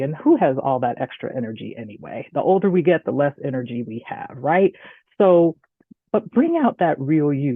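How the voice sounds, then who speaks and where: A woman with a Southern US accent giving a chatty, animated online presentation, often checking in with "right?". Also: deep voice, no room sound. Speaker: guest speaker. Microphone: video call. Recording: tinny phone-like audio, dry.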